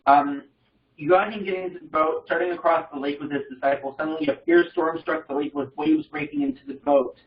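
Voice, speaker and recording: Young male Bible study leader, lively pitch, rambling delivery, roomy room, distant dull mic. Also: a little hiss or hum. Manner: rambling, halting, many fillers and restarts. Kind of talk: informal Bible study reading and commentary.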